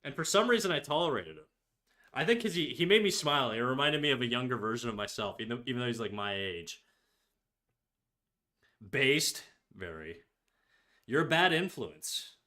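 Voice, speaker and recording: A man's voice: medium pitch, big pitch swings, moderate pace, long pauses, bright, forceful tone. A man streaming live, chatting casually and teasingly with his viewers, rambling and filling his speech with "like". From Canada. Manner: teasing, rambling, heavy use of "like". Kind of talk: casual livestream chat. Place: home streaming setup.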